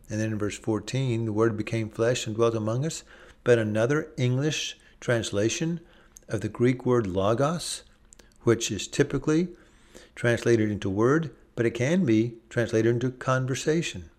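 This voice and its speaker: Earnest male preacher with measured delivery. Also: fairly low pitch, a little mellow. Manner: earnest, varied pacing, acts out voices in Bible stories. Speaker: pastor. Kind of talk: sermon.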